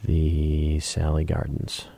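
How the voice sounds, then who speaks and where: A man hosting a casual interview, asking thoughtful, probing questions with halting restarts. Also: rumbling low, monotone, creaky, dark tone, slightly rough.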